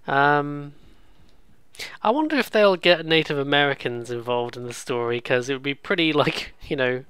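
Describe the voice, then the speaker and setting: A man's voice: a little high, expressive, normal speed, fairly bright tone, smooth, dry recording. A man hosting a let's play, giving casual, sarcastic, rambling gameplay commentary. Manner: sarcastic, swears freely, rambling.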